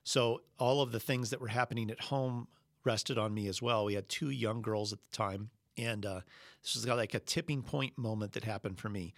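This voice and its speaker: A middle-aged man preaching a sermon, telling a personal story earnestly and slowing down when he quotes Jesus. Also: fairly low pitch, fairly even intonation, no room sound, clean studio sound. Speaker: pastor.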